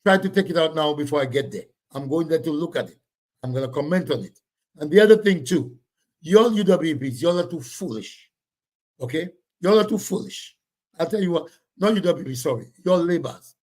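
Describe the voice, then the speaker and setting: Brief: male livestream host, loud and blunt, voice sits a bit high. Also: animated, fairly quick. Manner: loud, blunt, repetitive scolding of commenters. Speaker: livestream host reading viewer comments. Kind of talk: casual livestream chat.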